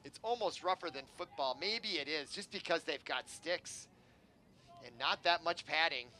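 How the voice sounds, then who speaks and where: Bright-voiced man calling a lacrosse game. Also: a little high, moderate pace. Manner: chatty, rising excitement on plays, digressive asides. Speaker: play-by-play commentator. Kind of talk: live sports commentary. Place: outdoor sports field.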